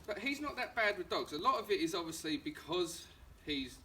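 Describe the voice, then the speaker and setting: A calm man with an Essex accent explains dog training on a street and gives short firm commands like a coach. His voice sits fairly high for a man. He is recorded from some distance by the camera, with clear outdoor noise behind him. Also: a little fast. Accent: Essex English. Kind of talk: on-location training instruction. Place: outdoors on a street during a home visit.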